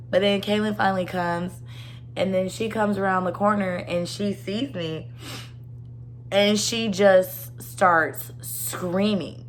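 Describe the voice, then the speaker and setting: A woman's voice: medium pitch, fairly even intonation, slow, slight background noise. A young woman at home, telling a personal story in a rambling, earnest way full of "like". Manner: rambling, earnest, heavy use of "like". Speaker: vlogger. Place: her own home.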